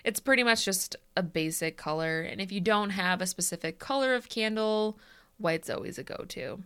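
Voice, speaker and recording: A young woman co-hosting a casual podcast, explaining a topic from notes in a dry, deadpan way. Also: mid-range voice, normal speed, clear, resonant tone. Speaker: podcast co-host.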